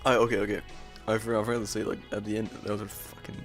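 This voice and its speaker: A man's voice: fairly low pitch, level tone, racing, faint music behind. A young man co-hosting a podcast, chatting in an offhand, rambling way. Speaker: podcast co-host. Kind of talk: casual chat.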